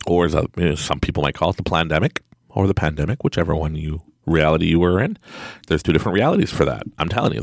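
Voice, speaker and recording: A man with a deep, gravelly voice hosts a podcast in a loose, motivational monologue. His pitch swings widely as he talks. He is chatty and animated, and he breaks into laughter often. The sound is close and dry. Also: no echo. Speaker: podcast host.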